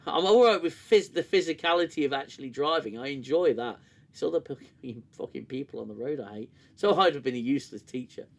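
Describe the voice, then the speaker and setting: A man's voice: medium pitch, expressive, a little fast, vocal fry. Candid, swearing man streaming. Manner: rambling and candid, swears often, laughs easily. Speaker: host of a TV review livestream. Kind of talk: casual livestream chat.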